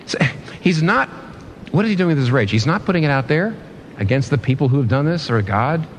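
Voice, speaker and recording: A man's voice: fairly high pitch, expressive, fairly quick, slight background noise. A man preaching a sermon in an earnest way, often restarting and repeating phrases for emphasis.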